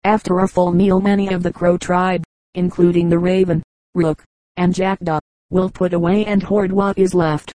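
A woman narrating an audiobook of children's stories in a measured, even reading. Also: lowish voice, no room sound, poor audio. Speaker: audiobook reader. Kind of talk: storybook narration.

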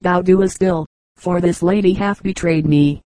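A woman's voice: fairly low pitch, fairly even intonation, a little slow, warm tone, no echo, natural voice. A woman reading the lines of a treacherous, jealous male knight with sullen, archaic speech.

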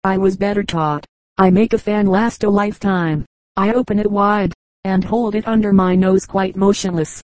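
A woman's voice: mid-range voice, fairly even intonation, normal speed, a little mellow, dry recording, natural voice, low-quality recording. A woman reading the lines of a scornful, thrifty man in a storybook joke. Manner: scornful, matter-of-fact.

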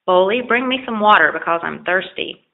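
A woman voicing a kindly, trusting old fisherman who calls out loudly to his animals and speaks gently to them, in a storybook reading. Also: mid-range voice, animated, moderate pace, gravelly. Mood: calling, gentle. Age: older. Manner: calling out, gentle and patient. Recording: tinny phone-like lo-fi recording.

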